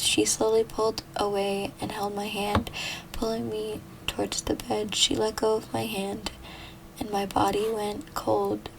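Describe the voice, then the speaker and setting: A woman's voice: mid-range voice, completely flat delivery, unhurried, creaky, background noise. A young woman casually reading a fan story aloud, stumbling over words and correcting herself as she goes. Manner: stumbling, giggling at the text, self-correcting. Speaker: fan fiction reader.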